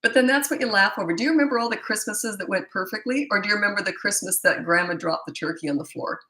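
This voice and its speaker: A woman's voice: medium pitch, fast, bright, forceful tone, roomy sound, rough recording. A woman in her fifties, a parenting coach, answering viewer questions in a chatty, blunt way, with stammered restarts. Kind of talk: live Q&A answering viewer comments.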